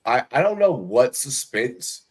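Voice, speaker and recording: On a remote call, a young fantasy football host rambles through casual, profane chat full of fillers and restarts. He speaks unhurriedly in a husky, sing-song, mid-range voice.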